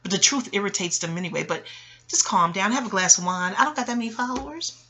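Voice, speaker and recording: A woman in her forties from Queens, New York, talking in a digressive, profane monologue with loud bursts of laughter. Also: mid-range voice, lively intonation, fast talker. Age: 40s. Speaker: channel host. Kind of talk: rambling audio monologue.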